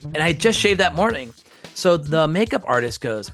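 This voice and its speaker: Brief: middle-aged man, lively storyteller, swoops in pitch, faint music under. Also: normal speed. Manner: animated, acts out quoted voices. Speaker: guest actor telling a story. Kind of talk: casual anecdote.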